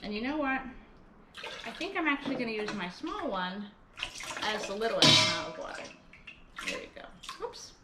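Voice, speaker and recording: A young woman teaching a music lesson to small children in a cheerful, slow and clear way, at home in her kitchen. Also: fairly high pitch, sing-song. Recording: echoey kitchen with clear background noise.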